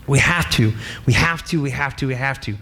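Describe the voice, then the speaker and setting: Animated, playful man preaching a sermon. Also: mid-range voice, brisk, creaky. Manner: animated, playful, laughs often. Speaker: pastor.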